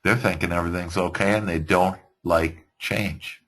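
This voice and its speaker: A man teaching a motivational seminar to a class, rambling and animated, laughing often. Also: sits low, moderate pace. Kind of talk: motivational lecture.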